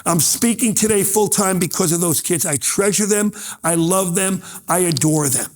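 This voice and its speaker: A middle-aged man delivers a motivational keynote in a somewhat high voice. He tells personal stories, slips into the voices of the people in them, and drives his message home by repeating it. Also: normal speed, faint music behind. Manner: storytelling, acts out quoted voices, emphatic repetition. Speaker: motivational speaker.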